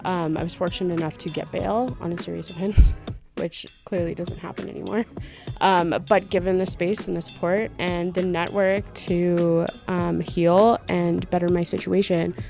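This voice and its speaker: A woman's voice: fairly low pitch, flat delivery, moderate pace, creaky, mellow, faint music behind. A woman on a radio panel, speaking earnestly and reflectively as a support worker.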